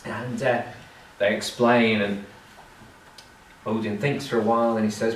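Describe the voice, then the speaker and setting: A British man telling a legend live to an audience in an animated way, acting out the voices. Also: fairly low pitch, unhurried, pauses often. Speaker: storyteller. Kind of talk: live storytelling performance. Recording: echoey live room from far off.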